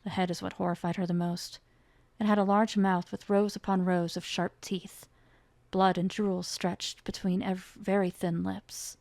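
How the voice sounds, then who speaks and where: A woman reads a chapter of her own dark fantasy novel aloud, her voice carrying a gravelly creak. She pushes her voice up for the characters' lines. The sound is dry and close, with no room around it. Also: medium pitch, level tone, a little slow, no room sound. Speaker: author reading her own book. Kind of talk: dramatic fiction reading.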